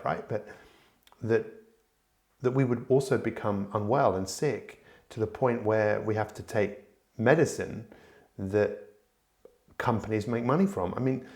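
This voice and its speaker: A man's voice: lowish voice, vocal fry, a little mellow. A middle-aged man hosting his own podcast, talking earnestly and reflectively to the listener with frequent restarts. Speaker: podcast host. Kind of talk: solo podcast monologue.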